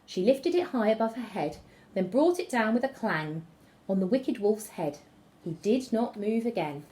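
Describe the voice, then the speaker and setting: A woman teacher reading a fairy tale aloud to children, with expressive storytelling. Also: mid-range voice, normal speed. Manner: expressive storytelling, gasps and whispers.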